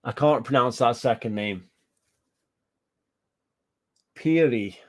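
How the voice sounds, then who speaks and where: A man's voice: mid-range voice, normal speed. A British man giving casual reaction commentary on gaming news, ranting and swearing, repeating himself and answering live chat.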